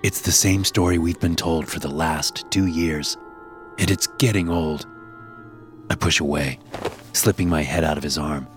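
A man with an extremely deep, low voice reads a first-person horror story in a hushed, somber manner. Clear music plays behind him. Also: a little slow. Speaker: narrator.

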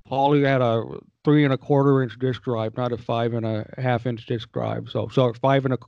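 A man's voice: medium pitch, steady tone, moderate pace, vocal fry, few pauses, no room sound, dull audio. A man co-hosting a casual podcast chat about old games, rambling and joking with many restarts. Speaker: podcast co-host.

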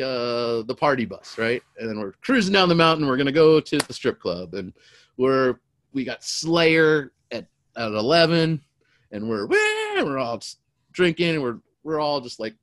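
A middle-aged man casually telling a long, rambling story, animated and often repeating words as he goes. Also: medium pitch, measured pace, no echo. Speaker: storyteller guest.

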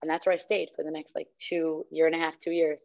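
Animated young woman telling a story. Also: low voice, fast talker, creaky. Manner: animated, acts out quoted voices. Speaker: guest, radio host. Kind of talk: casual storytelling in an interview. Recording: slightly muffled recording.

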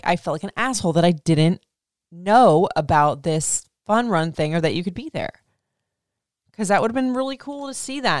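Gravelly, chatty woman podcaster. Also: low voice, a little mellow, no echo, studio quality. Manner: chatty, emotional, swears freely. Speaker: podcast host. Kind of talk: candid personal monologue.

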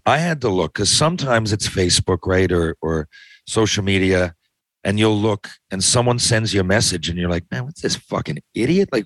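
Podcast host, male, low voice, profane, sardonic rambling, dry close mic. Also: fairly bright tone, dry recording. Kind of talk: casual podcast chat.

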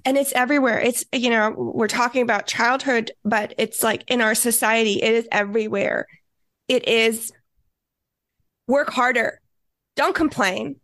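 Woman podcast guest, animated and blunt, a bit high; dry, close recording. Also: measured pace, no echo. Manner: emphatic, animated, swears for emphasis. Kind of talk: casual conversational podcast.

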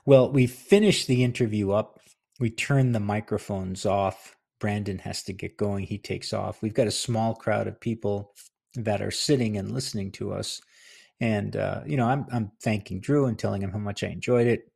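A middle-aged man hosting a podcast, his voice low and gravelly with a husky edge. He tells a story in a casual, rambling way, correcting himself as he goes. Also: moderate pace, darkish tone. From New Jersey. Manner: conversational, rambling, with fillers and self-corrections. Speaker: podcast host and author.

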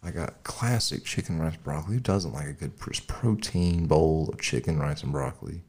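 A young man co-hosting a podcast, telling stories in a casual, animated way with lots of laughter. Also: rumbling low, moderate pace, husky. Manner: animated storytelling, laughs often. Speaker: podcast co-host. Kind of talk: casual chat.

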